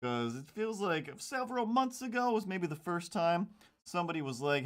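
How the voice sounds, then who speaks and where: A man's voice: sits high, big pitch swings. Rambling joking man drawing on stream. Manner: rambling, jokey mock outrage, slips into quick silly voices. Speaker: comic artist streaming while drawing. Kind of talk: casual chat while drawing.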